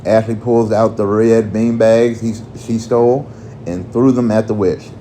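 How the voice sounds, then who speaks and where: A man narrating a crude comic story in a deadpan way, also voicing a fan who gives battle commands. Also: on the low side, a little slow, slight background noise.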